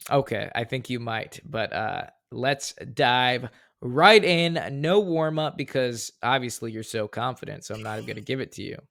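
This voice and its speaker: A man co-hosting a podcast, casually running a movie quote quiz and reading lines out flatly. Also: mid-range voice, normal speed, creaky. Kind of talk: casual chat.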